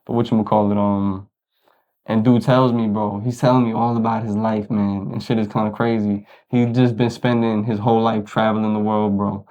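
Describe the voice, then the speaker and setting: A man's voice: lowish voice, level tone, normal speed, a little mellow, muffled recording. A man from the United States, co-hosting a podcast, telling a rambling story in casual slang and asking "you know what I'm saying" again and again. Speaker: podcast co-host.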